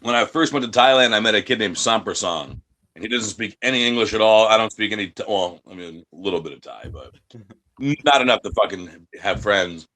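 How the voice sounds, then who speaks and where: A man's voice: lowish voice, animated, fairly quick, pushed and bright. A man from the United States, an independent wrestler, talking in a casual interview, brash and profane, acting out other people's voices in his stories.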